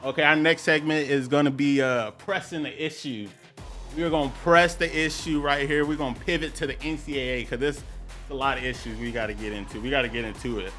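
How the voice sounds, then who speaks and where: A man with a New Orleans accent hosting a casual sports podcast, rambling and repeating himself, with sudden animated outbursts. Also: medium pitch, fairly quick, faint music behind. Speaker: podcast host.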